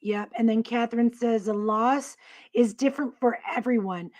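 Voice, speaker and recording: A woman co-hosting a casual talk show, reading out viewer comments in a supportive, steady way. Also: a little high, moderate pace. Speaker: co-host.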